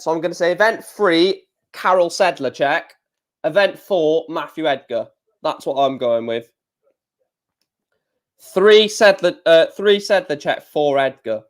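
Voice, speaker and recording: Chatty man reading darts scores. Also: fairly high pitch. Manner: chatty, reads out scores and chat, many fillers. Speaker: live stream host. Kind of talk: casual live-stream commentary.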